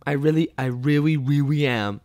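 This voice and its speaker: A man's voice: on the high side, normal speed. Profane young man ranting on a podcast. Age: 20s. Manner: profane, ranting, swings between mumbling and loud outbursts. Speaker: podcast host and stand-up comic. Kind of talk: casual solo podcast chat.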